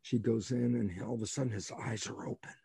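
Gravelly, emphatic male storyteller. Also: lowish voice, fast, no echo. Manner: animated, acts out quoted dialogue; emphatic, rhetorical questions. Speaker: guest biologist. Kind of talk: storytelling in an interview.

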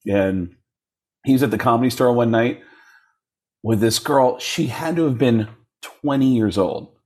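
A comedian being interviewed, telling stories in a casual, animated way. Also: male voice, medium pitch, measured pace. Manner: animated storyteller, jumps into voices when quoting people. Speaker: comedian guest.

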